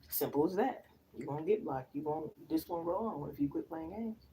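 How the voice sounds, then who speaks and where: A woman's voice: low voice, animated, fast, dark tone, recorded from a distance, slight background noise, poor audio. A woman tarot reader in casual live-stream chat, telling slangy stories and laughing often. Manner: chatty, slangy storytelling with frequent laughs.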